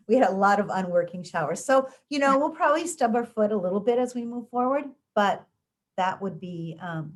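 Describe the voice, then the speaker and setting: A woman from the of the United States, an education official, answering interview questions in a conversational way with frequent ums and restarts. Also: mid-range voice. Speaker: school district education official.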